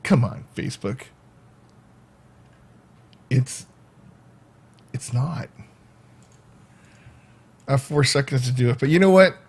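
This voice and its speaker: Husky guy rambling on his livestream, joking around, kinda all over the place. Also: medium pitch, slow, long pauses. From United States. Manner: rambling, self-mocking, animated. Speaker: livestream host. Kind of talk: casual livestream chat. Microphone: home livestream mic.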